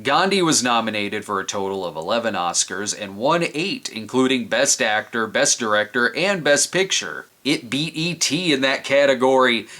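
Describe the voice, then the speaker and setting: A man's voice: medium pitch, pushed and bright. A man hosting a comedic film review, narrating with sarcastic, jokey asides.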